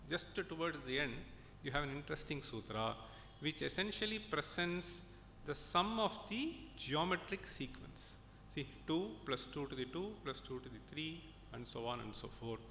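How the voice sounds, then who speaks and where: A man's voice: gravelly, sharp tone. A man gives an academic conference lecture, explaining step by step and often checking in with his audience. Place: conference hall. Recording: echoey hall with faint rumble.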